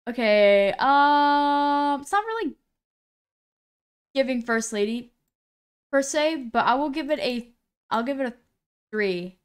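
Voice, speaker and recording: Woman streamer reading chat out loud, smooth kinda high voice, keeps saying sorry for names. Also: lively intonation, slow, pauses often. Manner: reads chat aloud, apologetic, stumbles over names. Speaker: live streamer. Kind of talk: casual live-stream chat.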